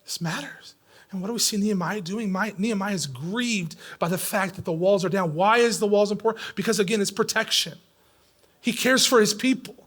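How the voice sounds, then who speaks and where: A middle-aged man preaching a sermon in a church, swinging between loud, pressing lines and hushed, near-whispered ones. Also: sits high, a little fast. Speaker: pastor. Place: church sanctuary.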